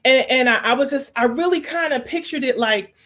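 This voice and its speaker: A woman's voice: sits high, fairly quick, a bit bright. A woman hosting a heartfelt conversation, speaking earnestly and with emotion, slipping into prayerful pleading. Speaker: host.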